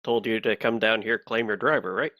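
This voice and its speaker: A man's voice: fairly low pitch, fairly quick, no room sound, muffled recording. A man playing a tabletop game, talking casually and hesitantly with many restarts. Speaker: player.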